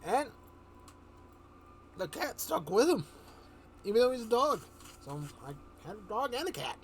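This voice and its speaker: A man's voice: very high-pitched, big pitch swings, a little slow, slight background noise. A man streaming live, telling a rambling story in casual chat, often chuckling and restarting his sentences.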